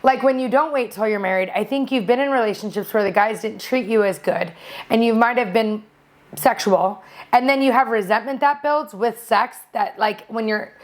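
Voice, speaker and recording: A woman's voice: on the high side, normal speed. A woman co-hosting a podcast, talking candidly in casual chat. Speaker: podcast co-host.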